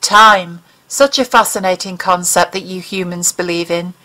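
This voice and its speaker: A woman doing a calm, condescending alien. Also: on the low side, normal speed, poor audio. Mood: cold. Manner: calm, commanding. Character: cold, condescending alien captor.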